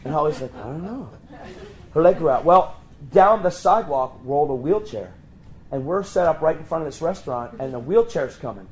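A man preaching, telling a story and acting out the voices of the people in it with sudden high jumps in pitch. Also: lively intonation, fairly quick, a little mellow, poor audio. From Pennsylvania. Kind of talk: storytelling sermon.

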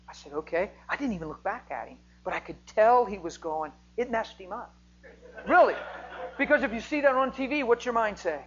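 A man preaching a sermon, telling a healing story and rising to near-shouting when he gets excited. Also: high voice, brisk, highs cut off.

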